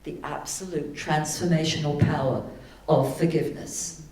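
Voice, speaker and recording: A woman giving a sermon, telling a personal story, then leading a slow, soothing guided meditation. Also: deep voice, steady tone, darkish tone, slight background noise. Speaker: spiritual speaker. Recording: echoey hall from far off.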